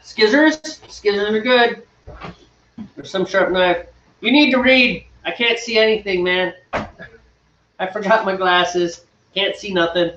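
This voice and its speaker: A playful man with a high voice banters while he brews, joking and teasing in big exaggerated tones. He sounds far from the mic in a roomy space, and the livestream audio is dull and lo-fi. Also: takes it slowly, long pauses, a bit bright, slight background noise. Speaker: homebrewing host. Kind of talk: casual banter while brewing. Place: home brewing space.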